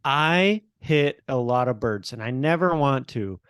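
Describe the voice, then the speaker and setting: A man's voice: mid-range voice, animated, a bit bright, clean tone, no room sound, clean studio sound. A man co-hosting a casual film podcast, telling anecdotes and asking his co-hosts questions. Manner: storytelling, measured, asks questions. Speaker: podcast co-host. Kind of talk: casual chat.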